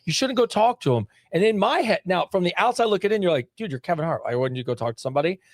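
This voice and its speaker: Male podcast co-host, slightly high voice, emphatic and animated, dead-dry close mic. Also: fast, dry recording. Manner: animated, emphatic, lots of restarts. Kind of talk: casual chat.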